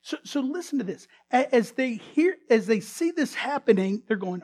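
A man's voice: extremely high pitch, expressive, moderate pace, few pauses. Dramatic male pastor preaching. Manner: dramatic storytelling, swinging between loud emphasis and hushed tones; frequent restarts and repeated words. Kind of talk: sermon.

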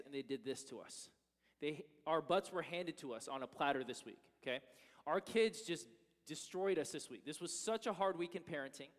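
Male pastor, brightish voice, lively storytelling sermon, long church-hall reverb. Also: a little high. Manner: animated storytelling, acting out his own frustration. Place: church sanctuary.

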